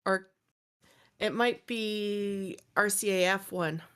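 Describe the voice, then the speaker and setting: A woman's voice: medium pitch, takes it slowly, a bit bright, clear, resonant tone. A woman co-hosting a podcast in casual chat, playfully correcting details with trivia. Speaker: podcast co-host.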